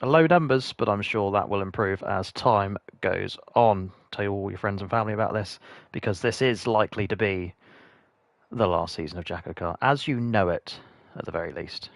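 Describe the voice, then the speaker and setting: A man hosts and commentates a sim racing league on a live stream. He talks casually and with self-mockery between races, in a somewhat low voice. Once the cars set off, his calls turn quick and excited. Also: creaky, dry recording. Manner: chatty, self-mocking, rising to excited race calling.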